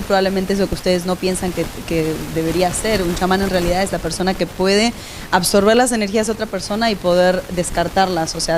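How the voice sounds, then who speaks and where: A woman hosting a TV interview, switching between narrating to the audience and asking questions, curious and quick to laugh. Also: on the low side, noisy background. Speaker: TV host.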